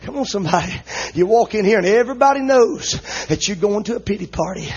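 A man preaching an impassioned, emotional sermon, shouting rhythmic lines and punctuating them with "uh, amen.". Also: sits high, expressive, fast, husky, dull audio. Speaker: visiting preacher.

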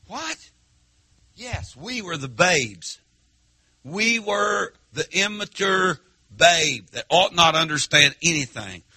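Impassioned preacher, bright and husky. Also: male voice, on the high side, expressive, slow pace. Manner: impassioned preaching, swings from loud to near-murmur, rhetorical questions. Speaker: pastor. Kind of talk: sermon. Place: church.

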